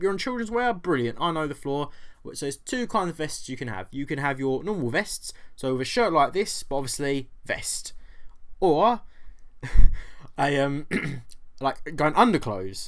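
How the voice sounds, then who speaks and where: A young British man, a vlogger, telling a story in a lively way, acting out both sides of the exchange and swearing freely. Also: mid-range voice. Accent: British English. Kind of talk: storytelling vlog.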